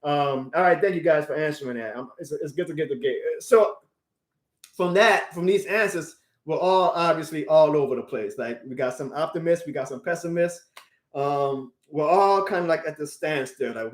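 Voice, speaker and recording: A man's voice: on the high side, moderate pace. Ranting man in an echoey room. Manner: emotional venting, swinging from loud outbursts to subdued sighs. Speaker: sports fan streamer. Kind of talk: live stream rant.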